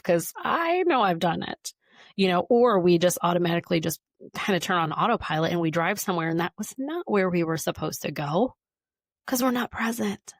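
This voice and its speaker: Woman podcast host, low voice, gravelly fry, dry close sound, chatty and informal. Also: animated, moderate pace, no room sound. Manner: chatty, informal, repeats words for emphasis. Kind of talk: casual podcast monologue.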